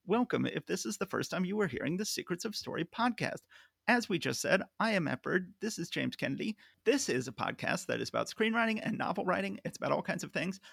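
A man's voice: sits high, big pitch swings, quick pace, creaky, a bit bright, slightly rough, dry recording. A man hosting a podcast in casual chat, telling stories at length and laughing often. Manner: chatty, storytelling, laughs often. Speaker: podcast host.

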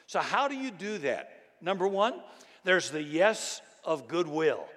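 Man preaching with loud emphatic bursts. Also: sing-song, measured pace. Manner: dynamic preaching, bursts into loud emphatic shouts then drops low. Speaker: pastor. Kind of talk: sermon. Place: church sanctuary. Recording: long hall reverb.

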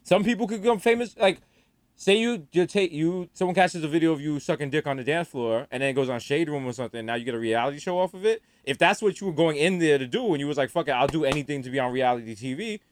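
A man with a somewhat high voice riffs through casual comedic banter on a podcast. He talks loosely and jokingly, now and then slipping into mock voices. The sound is dry and close to the mic. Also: fast talker, no room sound. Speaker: podcast co-host.

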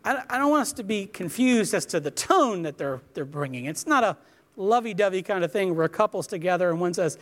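A man's voice: sits high, expressive, a little fast, a bit bright. A man preaching a sermon earnestly and emphatically, acting out quoted lines as he speaks.

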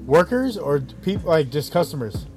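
A man's voice: a little high, big pitch swings, moderate pace, darkish tone, faint music behind. A man in a casual podcast chat who asks short, curious questions.

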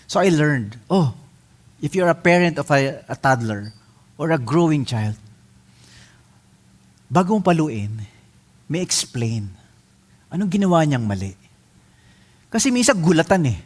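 A middle-aged man with a Filipino accent preaching a lively sermon. He switches between Tagalog and English and acts out spanking sounds and a child's replies. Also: on the high side, a little slow, pauses often. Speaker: pastor.

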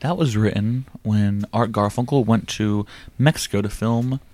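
A man's voice: fairly low pitch, normal speed, darkish tone, no room sound. A man hosts a casual comedy podcast in a dry, close recording. He jokes sarcastically, and his talk is full of ums and uhs. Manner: joking, sarcastic, many fillers. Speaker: podcast host.

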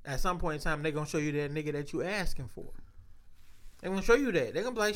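A man's voice: a little high, animated, fast talker. A man in casual chat, telling loose, profane stories full of slang.

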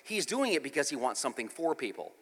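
A man's voice: on the high side, quick pace, slightly rough, in a large hall. A middle-aged man preaching, a pastor telling a funny family story and joking with his congregation. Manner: animated, exclaiming, self-mocking humor. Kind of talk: comedic storytelling sermon. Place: church.

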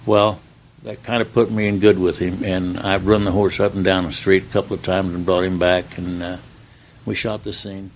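A man's voice: sits low, little pitch movement, normal speed, slight background noise, poor audio. An older man, a stuntman, telling rambling folksy stories in a casual interview, with plenty of "uh"s. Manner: folksy, rambling anecdotes with frequent "uh" and acted-out dialogue.

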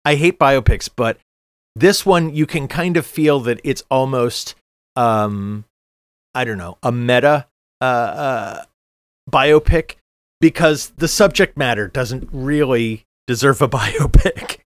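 A man's voice: mid-range voice, slow, no room sound, studio quality. A middle-aged man co-hosting a podcast, chatting casually and restarting his sentences often with many fillers. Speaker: podcast co-host. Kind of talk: casual chat.

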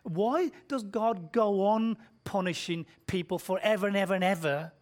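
A man with a high-pitched voice preaches at a moderate pace, blunt and confrontational, quizzing his listeners as he swings from hushed whispers to shouted passages.

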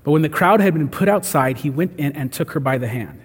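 A man's voice: fairly high pitch, lively intonation, a little fast, slightly rough, big-room sound. A man preaching a sermon in a conversational way, acting out the voices he quotes. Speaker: pastor.

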